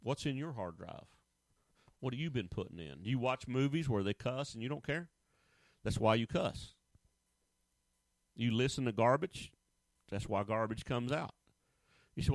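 A man's voice: a little high, animated, normal speed, long pauses, dry recording. A middle-aged man preaching a sermon in a folksy, emphatic way, full of rhetorical questions. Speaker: pastor.

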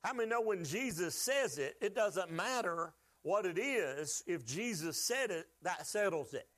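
A man's voice: high-pitched, animated, unhurried, a bit bright. Folksy preaching man, call-and-response. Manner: call-and-response preaching, asks the church to answer; folksy, joking asides. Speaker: pastor. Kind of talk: sermon.

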